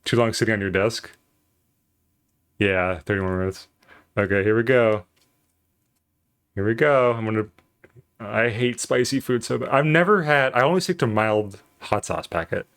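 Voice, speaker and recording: A man's voice: on the low side, moderate pace, pauses often, a bit bright, clear, resonant tone. A man streaming live, chatting casually and poking fun at himself while he reacts to chat.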